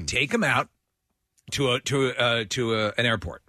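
A sarcastic male co-host with a bright, lively voice. He is recorded close and dry, with no room sound. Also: medium pitch, measured pace, dry recording. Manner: sarcastic, scornful. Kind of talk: casual chat.

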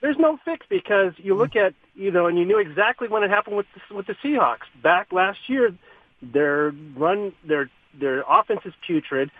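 A male caller on a sports radio show who argues fast and heatedly, heard over a phone line. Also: high-pitched, animated, no echo. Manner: rapid ranting argument.

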